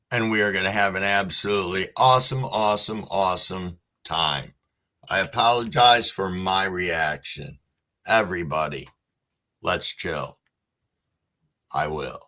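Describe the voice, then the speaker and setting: A man hosts a casual live stream, slow and unhurried in his delivery. His voice is bright and forceful, and he swears freely and apologizes a lot. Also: deep voice. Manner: laid-back, profane, apologetic. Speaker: livestream host. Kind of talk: casual livestream chat.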